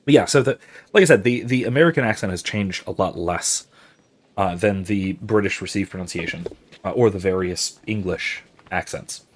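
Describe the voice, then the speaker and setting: A man with a somewhat low voice talks through a game in a loose, lecturing way. He wanders through his points with lots of ums and restarts, stopping now and then to react to viewers' comments. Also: moderate pace. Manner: rambling, professorial, many fillers and restarts; reads out viewer chat and reacts. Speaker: gaming channel host. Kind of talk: casual explanatory commentary while playing.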